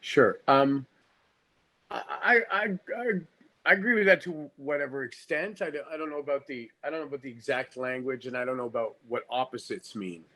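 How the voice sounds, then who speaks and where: A man's voice: mid-range voice, a little fast, sharp tone. A middle-aged man from Canada, a guest actor in a casual podcast interview, talking frankly with many stammering restarts.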